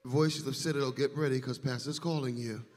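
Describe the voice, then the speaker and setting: A man emceeing a church concert, calling out to the congregation and building it into shouts and call-and-response. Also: medium pitch, steady tone, brisk. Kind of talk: hyping up a church concert crowd. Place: large church sanctuary. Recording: long reverb in a large hall.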